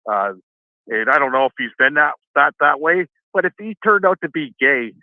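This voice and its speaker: A middle-aged man calling in, telling a rambling, profane story and quoting others with lively voices. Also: fairly high pitch, normal speed, no echo. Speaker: caller. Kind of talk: casual phone-in storytelling. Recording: tinny phone line.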